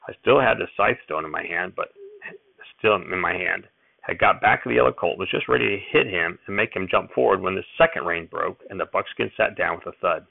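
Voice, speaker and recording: A man narrating a first-person audiobook chapter in steady storytelling, recorded with tinny phone-like sound. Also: low voice, brisk, vocal fry, no echo.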